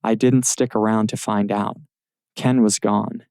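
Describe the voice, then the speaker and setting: A frightened, injured young woman pleads between sobs, read by a man in an audiobook. The voice stays low and dark with a gravelly edge. It is recorded close and dry. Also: flat delivery, measured pace, no echo. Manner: sobbing, breathless pleading.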